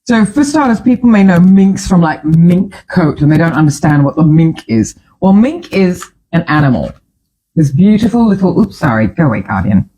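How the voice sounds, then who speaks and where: A woman's voice: lowish voice, sing-song, normal speed, mellow, slightly rough, poor audio. A woman hosting a casual talk show from a studio, chatty and opinionated, often drifting off on tangents. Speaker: show host.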